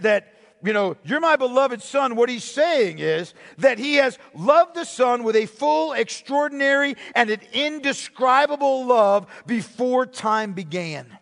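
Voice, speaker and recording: High-voiced pastor preaching in a hall. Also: male voice, fairly bright tone. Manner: explanatory preaching with frequent "okay?" check-ins. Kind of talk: sermon.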